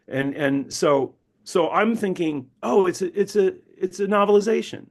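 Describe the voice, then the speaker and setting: A middle-aged novelist, interviewed as a guest, tells stories animatedly at a normal speed with few pauses. He acts out quotes with big pitch jumps and often repeats words as he restarts.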